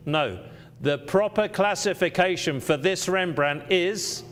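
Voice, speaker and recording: High, smooth-voiced male auctioneer. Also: a little slow, a bit bright. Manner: persuasive, repeats key selling points. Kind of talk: live auction selling patter.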